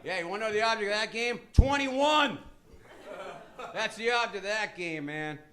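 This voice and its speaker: A man doing a rambling, deadpan stand-up comedy set on a club stage. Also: moderate pace. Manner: deadpan, rambling, lively swings in pitch. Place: comedy club stage with live audience laughter. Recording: live club recording with audible crowd noise.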